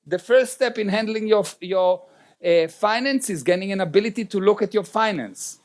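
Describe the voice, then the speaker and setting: A man's voice: high voice, lively intonation, normal speed. A man giving a motivational seminar talk in non-native English, direct and often checking in with the audience. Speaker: seminar speaker.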